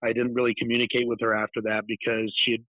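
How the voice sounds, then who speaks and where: A mid-range male voice talks fast in a monotone, recorded dry over a tinny, phone-like line. He's a paranormal investigator and author from California, a guest in a casual interview. His long story wanders, with plenty of digressions and restarts.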